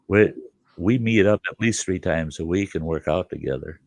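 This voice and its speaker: A man's voice: low-pitched, expressive, moderate pace, a little mellow, no echo. An older man telling a funny story in a folksy, casual way, chuckling and slipping into the voices of the people in it. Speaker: storyteller host.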